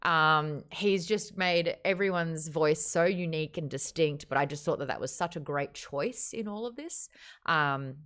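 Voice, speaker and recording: A woman hosting a book club chat, animated and casual, swearing freely and laughing often. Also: low-pitched, unhurried.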